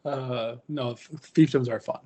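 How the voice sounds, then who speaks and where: A man hosting a relaxed podcast chat about tabletop wargaming, rambling with restarts and fillers. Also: mid-range voice, unhurried, husky. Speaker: podcast host.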